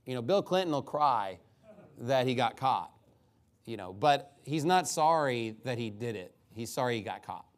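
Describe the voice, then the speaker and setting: A man preaching an expository sermon, animated and mocking, reading scripture aloud and breaking into impressions. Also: mid-range voice, normal speed.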